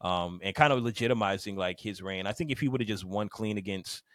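A man's voice: fairly low pitch, brisk, a bit bright, dry recording. A man co-hosting a podcast in casual chat, laid-back, acting out quotes in slang. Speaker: podcast co-host.

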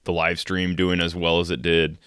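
A man's voice: sits low, little pitch movement, moderate pace, a bit bright, clean tone, no echo, clean studio sound. A man co-hosting a podcast from home, talking in a laid-back, hesitant way with many fillers. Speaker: podcast co-host. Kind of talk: casual podcast chat. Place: home room.

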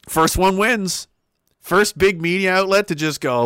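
A man's voice: high voice, expressive, takes it slowly, creaky, sharp tone, no echo, studio quality. A man hosting a casual stream, cursing freely, laughing a lot and reading out viewers' messages at home. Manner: crude, swears freely, laughs often. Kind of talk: casual chat. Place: home setup with a webcam.

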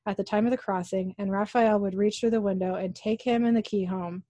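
A woman's voice: mid-range voice, steady tone, a little fast, mellow, dry recording, natural voice. A woman voicing a rambling, odd homeless male witness in a read-aloud recap.

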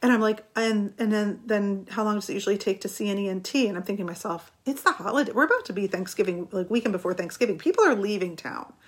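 A woman's voice: medium pitch, quick pace, few pauses. Chatty woman telling a personal story. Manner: animated, chatty, laughs while recounting. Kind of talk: casual storytelling.

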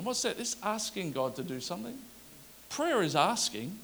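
A middle-aged male pastor preaching a sermon with lively energy, reading scripture aloud with rising emphasis. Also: sits high, moderate pace. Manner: energetic, animated preaching to a congregation.

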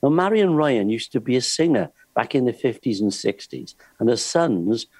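A man who works as a singer and entertainer on cruise ships, telling lively anecdotes with plenty of laughs and acted-out voices. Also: medium pitch, normal speed, slightly rough, no room sound. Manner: lively storyteller, laughs often, acts out voices in his stories.

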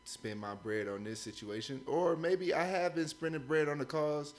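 A man's voice: a little high, normal speed. A man co-hosting a podcast, ranting heatedly in slangy, profane casual talk. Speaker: podcast co-host. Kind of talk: casual chat.

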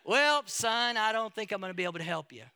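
A man voicing a gruff old male car painter from the American South, with a slow, firm, fatherly way of talking and a Southern US accent. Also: high-pitched, animated, sharp tone, voice pushed up, exaggerated voice.

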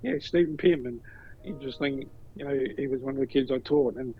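A former football coach, animatedly telling stories in a casual chat and acting out the voices in them. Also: male voice, mid-range voice, a little fast, breathy edge, narrow, tinny audio. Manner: animated storyteller, acts out quoted voices.

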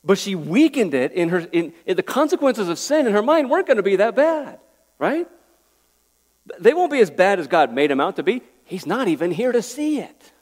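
Man, pastor, fairly high voice, earnest pleading sermon delivery, long hall reverb. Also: big pitch swings, normal speed, a little mellow. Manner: earnest, pleading, repeats words at restarts.

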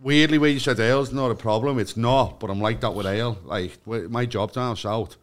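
A man's voice: medium pitch, a little fast. A man, a guest on a casual podcast chat, telling stories full of swearing and often laughing through his own words.

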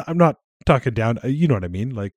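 A man's voice: medium pitch, expressive, fairly quick, no echo. A man co-hosting a podcast in casual chat, swearing freely and laughing often. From Canada. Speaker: podcast co-host.

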